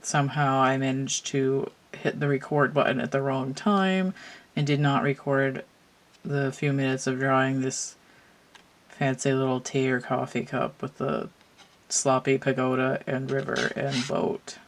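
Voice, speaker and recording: A woman talks through a tarot card reading in a loose, chatty way. She thinks out loud and drifts into side remarks as she goes. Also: very deep voice, flat delivery, unhurried. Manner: rambling, thinks aloud with asides. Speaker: tarot reader. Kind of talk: casual tarot reading commentary.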